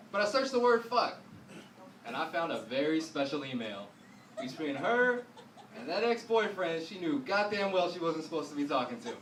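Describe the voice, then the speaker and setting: Young male stand-up, high voice, profane deadpan storyteller; roomy, distant club recording with crowd noise. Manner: profane storytelling with deadpan asides, voicing others in quotes. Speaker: stand-up comedian. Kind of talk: stand-up comedy set. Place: comedy club stage before a live audience.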